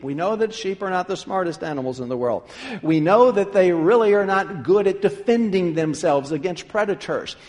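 High-voiced preacher in a reverberant hall. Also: male voice. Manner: conversational preaching, rising for emphasis. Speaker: pastor. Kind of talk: sermon.

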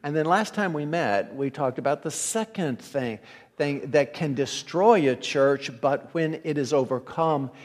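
A man preaching an evening sermon to his church in a relaxed, conversational way, often restarting his words. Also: a little high, a little slow, long reverb tail. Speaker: pastor.

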